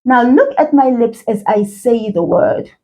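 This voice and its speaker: A woman teaching children a language lesson, speaking slowly and encouragingly and repeating words for learners to echo. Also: fairly high pitch, dark tone. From South Africa.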